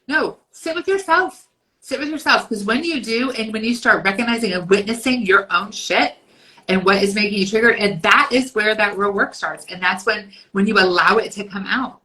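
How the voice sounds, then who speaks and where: A woman in her fifties co-hosting a casual podcast chat, talking bluntly and emphatically, swearing freely and acting out inner voices in quick asides. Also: medium pitch, bright, forceful tone, rough recording. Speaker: podcast co-host.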